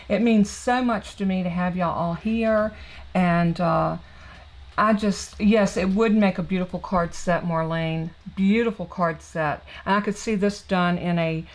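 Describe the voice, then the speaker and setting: A woman's voice: lowish voice, rough recording. Chatty Southern woman hosting a craft stream. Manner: chatty, warm, rambling with fillers and restarts. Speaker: craft channel host. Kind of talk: casual live-stream chat. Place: home craft room.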